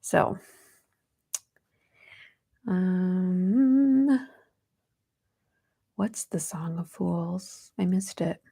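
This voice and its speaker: A woman's voice: fairly low pitch, animated, drawn-out words, creaky, pauses often, breathy edge. A young woman in her twenties hosting a casual livestream from home, chatting with viewers and reading their comments. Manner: chatty, giggly, coos softly at her cat. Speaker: livestream host.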